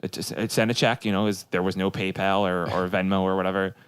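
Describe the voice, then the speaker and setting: A man's voice: low voice, level tone, fast talker, clear, resonant tone, no echo. A man hosting a casual podcast chat, easygoing and chatty, chiming in often.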